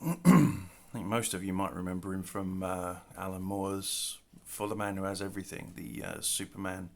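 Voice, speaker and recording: A middle-aged man casually showing his artwork on camera, talking in a relaxed, rambling way with self-deprecating asides. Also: low-pitched, moderate pace, creaky. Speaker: artist showing his work. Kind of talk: casual show-and-tell narration. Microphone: camera mic, handling artwork.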